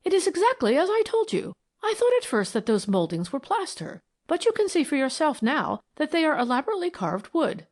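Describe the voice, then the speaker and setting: A woman voicing an excitable gentleman investigator who speaks with raised, emphatic energy in an audiobook. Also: very high voice, brisk, few pauses, pitched above the performer's own voice, heavily acted. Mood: triumphant. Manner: excited, rising, emphatic; whispers when wary. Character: eager young gentleman sleuth, excitable.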